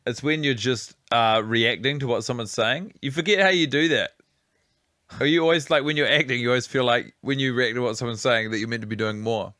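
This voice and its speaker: A man's voice: mid-range voice, fairly quick, bright, forceful tone, no room sound, studio quality. A man co-hosting a podcast, chatting playfully and rambling while watching a film. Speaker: podcast co-host. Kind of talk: casual chat over a film.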